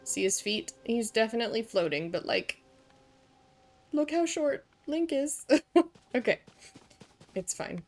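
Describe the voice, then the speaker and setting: A woman's voice: a little high, big pitch swings, takes it slowly, long pauses, a little mellow. A woman streaming a video game, chatting to herself and her viewers and reading the game's lines aloud. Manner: chatty, muses aloud, reads game text. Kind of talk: casual gameplay chat. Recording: faint game music behind.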